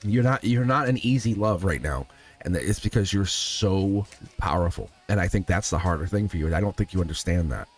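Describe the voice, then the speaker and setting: A man with a low-pitched voice gives a live tarot reading at a brisk pace. He speaks earnestly and emphatically, addressing the viewer directly.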